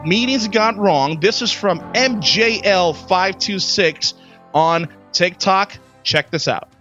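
A man co-hosting a casual podcast chat, animated and quick to laugh while telling stories. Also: sits high, faint music behind. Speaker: co-host. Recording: dull, dry lo-fi audio.

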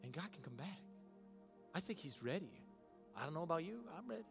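A male pastor preaching a sermon, moving from quiet, emotional passages to loud, emphatic ones. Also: on the high side, very animated, brisk, creaky, soft background music. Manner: emotional, swings from soft and hushed to loud and emphatic.

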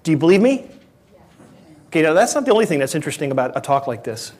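A man's voice: fairly high pitch, very animated, fast talker, darkish tone. A man preaching a sermon as pastor, earnest and emphatic, often correcting himself mid-sentence.

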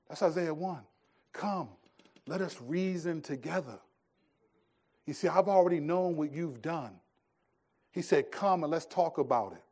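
A middle-aged man delivers a sermon in a voice pitched a little high for a man. He moves between relaxed storytelling, soft hushed scripture lines and emphatic, rising questions. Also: slightly rough. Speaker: pastor.

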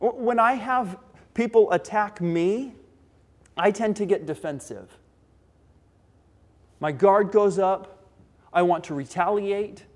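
A man preaching a sermon, earnest, slowing down and speeding up and getting louder or softer for emphasis. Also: high voice. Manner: earnest, varies pace and loudness for emphasis. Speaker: pastor.

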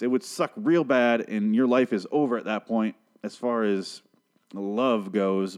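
A man with a fairly low voice talks through a show's episode on his own. He swears freely and drifts into sarcastic tangents. His delivery is loose and unscripted, like a casual podcast monologue. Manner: profane, rambling, sarcastic. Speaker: podcast host recapping a TV show. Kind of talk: casual solo recap and rant.

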